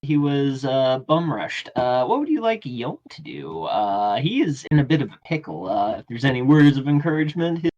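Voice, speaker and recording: A man running a tabletop game as game master, narrating casually and often pausing on fillers. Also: medium pitch, sing-song, darkish tone, dull audio. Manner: casual, halting, many fillers.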